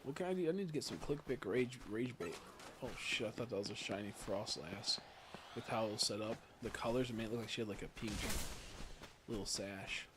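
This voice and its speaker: A man's voice: on the low side, a little fast, background noise. Giggly, rambling young man streaming. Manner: rambling, giggly, swears freely. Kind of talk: casual livestream chat while gaming.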